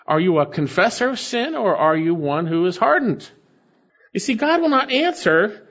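A man preaching a sermon as pastor, earnest, swinging between emphatic peaks and low, quiet stretches. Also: sing-song, normal speed, muffled recording.

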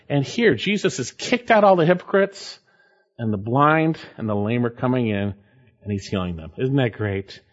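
A male pastor preaches in a mid-pitched voice, reading scripture and explaining it. He pushes his pitch and volume up and down for emphasis. The recording sounds muffled and lo-fi. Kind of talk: sermon.

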